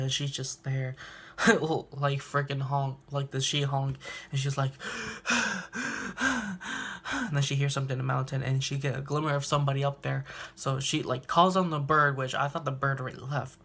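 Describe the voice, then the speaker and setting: A man's voice: mid-range voice, fairly bright tone. Young man laughing through a recap. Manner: laughs often, acts out quotes. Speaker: reaction video host. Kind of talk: casual episode recap. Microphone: handheld phone.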